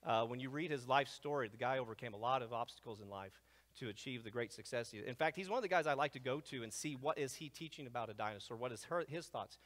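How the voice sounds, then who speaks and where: A man giving an energetic lecture to a live audience, jumping between loud, excited asides and hushed remarks. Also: mid-range voice, quick pace. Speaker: speaker presenting to a live audience. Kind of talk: animated lecture. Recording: long hall reverb.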